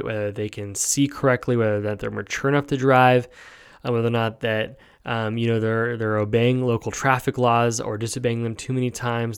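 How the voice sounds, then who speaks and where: An American man hosts a podcast, rambling through his opinions in a casual monologue full of fillers and frequent "right?" checks. His voice sits at a medium pitch, clear with a resonant tone.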